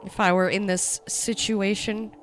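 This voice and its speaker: A sick young woman with the sniffles giving casual reaction commentary, jumpy and excitable, swearing, yelping and whispering when scared. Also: mid-range voice, unhurried, soft background music. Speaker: YouTuber reacting to a horror series.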